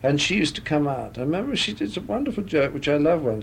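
A man chatting as a radio interview guest and spinning his anecdotes freely. His voice sits a little high for a man and comes across close into a studio microphone. Faint background noise stays underneath. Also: big pitch swings, quick pace, gravelly.

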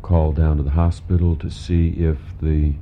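A man recalling his early working life in a hotel room, with a measured, halting delivery. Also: a bass voice, level tone, warm tone. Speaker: radio humorist, interview guest. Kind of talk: reflective reminiscence in an interview. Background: traffic noise outside.

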